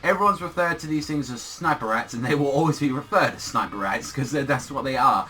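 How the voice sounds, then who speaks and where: A young man giving a casual, rambling anime episode review, animated and full of swearing. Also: medium pitch, fairly quick, a little hiss or hum.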